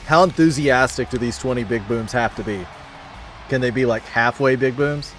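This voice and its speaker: A man's voice: mid-range voice, brisk, a bit bright, soft background music. A man hosting a casual livestream, chatting upbeat and friendly as he thanks viewers by name. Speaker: livestream host. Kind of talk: casual chat reading viewer comments.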